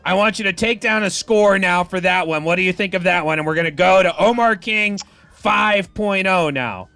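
A man's voice: sits high, moderate pace, bright, forceful tone, clear, resonant tone, no echo. A man hosting a morning radio call-in show in the studio, upbeat and announcer-like. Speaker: radio DJ host.

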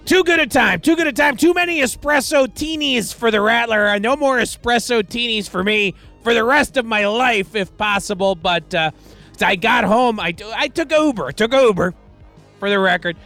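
A man hosting a college radio show from the studio, rambling through song credits and deadpan digressions with a wry, self-deprecating manner. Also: high voice, moderate pace, soft background music. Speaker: radio DJ and host. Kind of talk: rambling casual radio DJ patter.

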